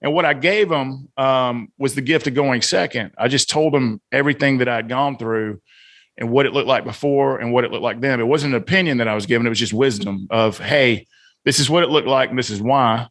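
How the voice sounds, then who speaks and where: Animated man telling his story. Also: mid-range voice, brisk. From Atlanta, US South. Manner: animated storyteller, leans on "man" and "brother", acts out quoted voices. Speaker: guest, author and executive coach. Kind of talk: podcast interview, storytelling.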